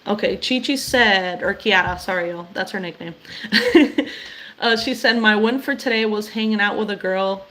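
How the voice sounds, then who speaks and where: A woman's voice: medium pitch, moderate pace, hardly any pauses, slight background noise. A young woman hosting a weekly live stream, talking encouragingly and directly to her viewers. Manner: warm, affirming, addresses viewers directly.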